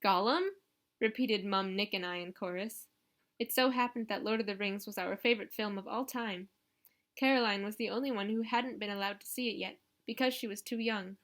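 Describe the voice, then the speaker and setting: Woman, audiobook narration, steady, first person. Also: medium pitch, a little fast. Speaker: audiobook reader.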